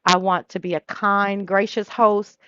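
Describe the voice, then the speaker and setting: A woman's voice: medium pitch, flat delivery, a bit bright, no echo. Female talk host, chatty and loose, prone to mimicking people; lo-fi dry recording. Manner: chatty, drops into quick impressions of people. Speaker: show host. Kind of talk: casual solo chat.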